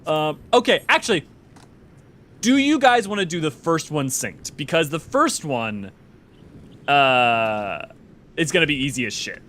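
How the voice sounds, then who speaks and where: Animated, rambling man streaming a game. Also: a little high, measured pace, pauses often, slight background noise. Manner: animated, rambling, casually profane. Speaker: game streamer and lore host. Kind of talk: casual live game stream chat.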